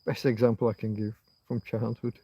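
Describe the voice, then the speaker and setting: With a mellow, husky voice on the low side, this Yorkshire-born man in middle age hosts a casual livestream, musing and drifting between ideas in broad Yorkshire English. His pitch barely moves, he speaks a little fast, and there's no room sound.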